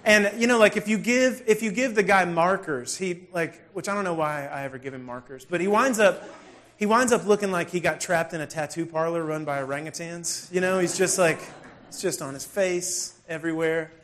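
Pastor; lively, self-mocking storyteller with a fairly high voice. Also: male voice, fairly quick. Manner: animated, self-deprecating, acts out scenes. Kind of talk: humorous storytelling sermon.

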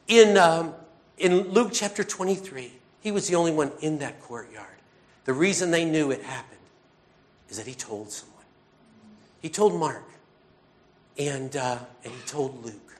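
A middle-aged man preaching a sermon in a conversational, earnest way, full of fillers and sighs. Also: on the high side.

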